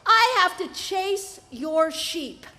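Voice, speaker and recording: A woman's voice: extremely high pitch, sing-song, slow pace, sharp tone, pitched above the performer's own voice, full character voice. A woman voicing a fed-up male dog who mocks his master with sarcastic complaints. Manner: sarcastic, laughing, exasperated. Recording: live festival tent with long reverb.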